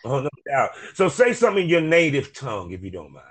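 A man's voice: medium pitch, big pitch swings, fast, husky. Southern guy in his 40s, country twang, easygoing podcast host, loose slangy talk. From North Carolina. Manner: laid-back, laughs often, loose slangy talk. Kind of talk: casual interview chat.

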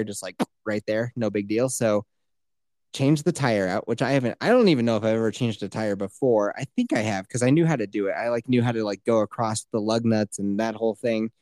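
A young man telling a story in casual chat, animated and full of swearing. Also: on the low side, brisk, no room sound, clean studio sound.

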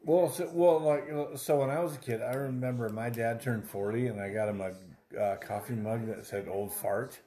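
A man's voice: mid-range voice, moderate pace, warm tone. A man in his forties hosting a podcast, chatting casually with friends as a rambling, profane storyteller who laughs often. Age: 40s. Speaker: podcast host. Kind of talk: casual banter among friends.

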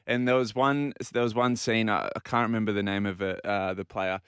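A man's voice: lowish voice, fairly even intonation, a little fast, hardly any pauses, a bit bright, clear, resonant tone, dry recording, clean studio sound. A man co-hosting a radio show, chatting casually and telling stories. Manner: talkative, tells stories, acts out quotes. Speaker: radio co-host. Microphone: studio microphone.

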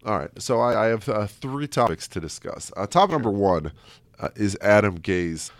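A man's voice: on the low side, sing-song, moderate pace, dry recording. A man from the American Midwest co-hosting a casual sports podcast, congested with a cold, joking dryly with hesitant filler words. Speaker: podcast co-host.

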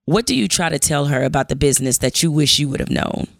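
A woman's voice: low voice, lively intonation, quick pace, gravelly, dry recording, studio quality. A woman hosting a podcast interview, asking direct, upbeat questions. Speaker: podcast host.

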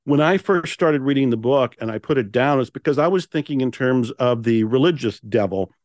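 An older man, a podcast guest and author, telling stories in an emphatic, animated way and acting out his own inner voice. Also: medium pitch, a little fast, no room sound, studio quality. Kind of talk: storytelling in a conversational interview.

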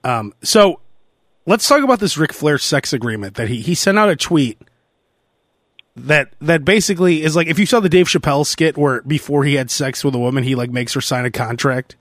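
A man hosts a podcast in a loose, rambling chat and laughs easily. His voice sits on the high side and the sound is dry and close. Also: lively intonation, a little fast, fairly bright tone, dry recording. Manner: chatty, laughs often, loose rambling delivery. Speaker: podcast host. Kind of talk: casual chat.

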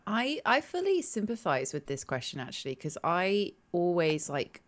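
A woman's voice: on the low side, big pitch swings, normal speed. A woman co-hosting a podcast, rambling and giggly in casual chat, swearing freely. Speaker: podcast co-host.

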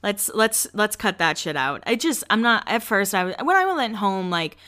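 A woman's voice: medium pitch, normal speed. A young woman telling stories about her work and social life on her podcast, candid and blunt and swearing freely. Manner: candid, blunt and swearing, quotes people in lively voices. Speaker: podcast host. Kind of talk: casual storytelling monologue.

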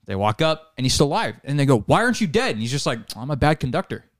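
This podcast co-host talks fast at medium pitch with no room sound, spinning out a long, meandering joke. He swears offhandedly and keeps cracking up at his own tale during the casual show.

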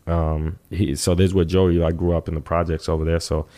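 A man with a very low voice, talking loosely as an interview guest. He rambles, restarts his sentences and swears often as he tells his story. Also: level tone, brisk, warm tone. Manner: rambling with frequent restarts and profanity. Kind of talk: casual storytelling.

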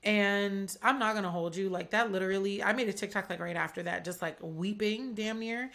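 A young woman from Atlanta, USA, hosts a podcast, chatting casually and candidly with heavy use of "like." Her voice is mid-range, creaky, and a bit bright, and she talks fairly quickly.

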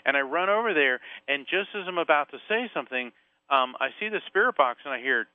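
A man from Central Florida, a guest author, telling a personal story in an animated way, acting out the voices of people in it. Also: a little high, fast, no room sound, phone-quality sound. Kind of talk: storytelling interview.

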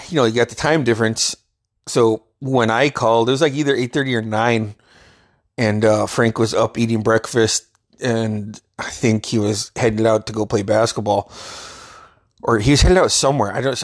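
A man from Alaska telling a casual personal story, rambling and profane, often restarting his sentences and chuckling. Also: mid-range voice. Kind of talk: casual spoken anecdote.

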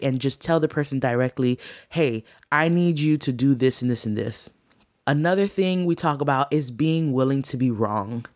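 A woman's voice: low-pitched, no echo, studio quality. Earnest woman teaching about marriage. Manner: earnest and encouraging, addresses listeners directly.

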